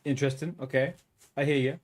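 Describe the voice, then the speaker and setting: A man's voice: mid-range voice, steady tone, quick pace. A man chatting casually while streaming a game, reading chat and puzzling over pronunciations in a playful way.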